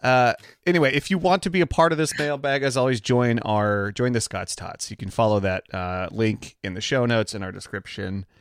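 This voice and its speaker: A man's voice: medium pitch, moderate pace, few pauses, no room sound, studio quality. A man who produces and co-hosts a casual podcast, upbeat and jokey as he runs through announcements.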